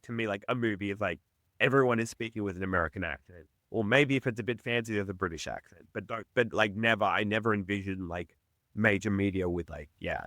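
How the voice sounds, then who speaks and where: A man's voice: fairly low pitch, pushed and bright, dry recording, clean studio sound. A man, a podcast guest chatting casually with an enthusiastic, reflective manner. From Australia. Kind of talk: casual chat.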